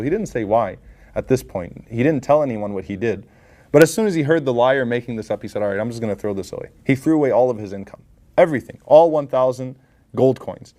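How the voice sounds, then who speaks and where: Lively male lecturer telling stories. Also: medium pitch, quick pace. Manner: casual and lively, acts out quoted lines, mixes in Arabic phrases. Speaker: imam giving a lecture. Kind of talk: storytelling lecture.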